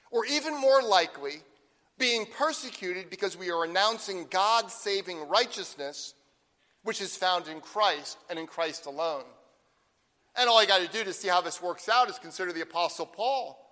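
A man preaching a sermon as pastor, asking the congregation "right?" and reading scripture slowly and deliberately. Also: sits high, pushed and bright, big-room sound.

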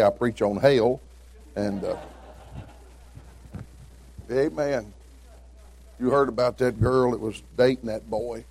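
Folksy Tennessee preacher telling jokes. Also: male voice, lowish voice, mellow. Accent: Southern American, Tennessee. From Middle Tennessee. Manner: folksy storytelling, acts out quoted voices. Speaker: visiting preacher. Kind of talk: sermon with humorous stories.

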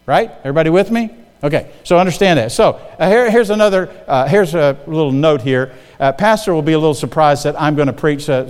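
A man's voice: on the high side, a little mellow, long reverb tail. An older man preaching a sermon in a church, talking conversationally and often checking in with the congregation. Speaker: guest preacher.

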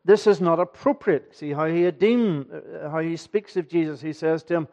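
Man, a pastor preaching in church; emphatic, questioning delivery, slightly high pitch, dull lo-fi sound. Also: moderate pace, hardly any pauses. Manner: earnest, emphatic, asks the congregation rhetorical questions. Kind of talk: sermon.

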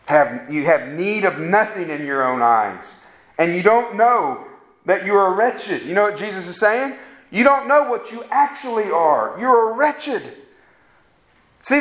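Man, preacher, fervent sermon, fairly high voice, echoey hall sound. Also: a bit bright. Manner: fervent, rising to emphatic preaching.

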